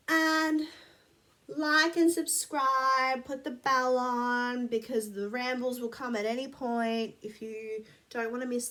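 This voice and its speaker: A woman's voice: fairly high pitch, a bit bright. A woman rambling casually to camera, blunt and sweary, a bit sniffly. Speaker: vlogger.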